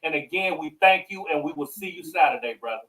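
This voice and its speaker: Streetwise American host, high and distant. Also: male voice, animated, fast talker, bright, forceful tone. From United States. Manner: streetwise slang, lots of "you know what I'm saying". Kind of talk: casual chat on a web show.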